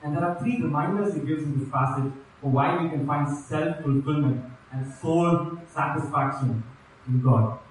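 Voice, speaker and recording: A man with a fairly high voice preaches an earnest sermon, reading scripture and lifting his pitch on repeated invitations. He sounds far from the mic in a very echoey room, with a faint hum of ambience behind him. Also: normal speed.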